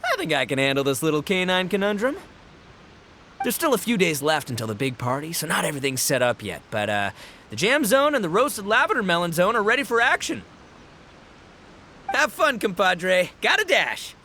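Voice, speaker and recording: A man's voice: high voice, sing-song, normal speed, bright, forceful tone, a little hiss or hum, heavily acted. An actor playing a brash, boastful young male gang boss in a video game, boisterous and laughing, tripping over fillers. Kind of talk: game voice acting.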